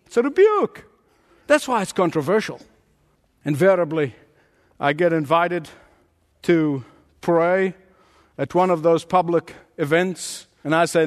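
A man's voice: on the high side, lively intonation, measured pace, pauses often. A man preaching a sermon as a pastor, emphatic and driving his points home with rhetorical repetition. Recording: long hall reverb.

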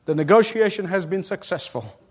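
A man's voice: high voice, expressive, a little fast, a little mellow, big-room sound. A man preaching a sermon with emphatic repetition, often laughing between points.

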